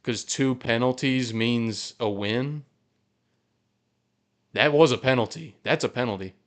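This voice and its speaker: Excitable man reacting live to football. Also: mid-range voice, a little slow. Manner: excitable, swears, cheers and groans at plays. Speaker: fan podcast host. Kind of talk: live game reaction commentary. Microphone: podcast mic.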